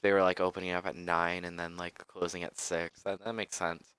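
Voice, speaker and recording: A man's voice: deep voice, little pitch movement, brisk, fairly bright tone, clean tone, dry recording, clean studio sound. A man casually commentating while playing a game, chatty and rambling as he corrects himself. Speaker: let's play host.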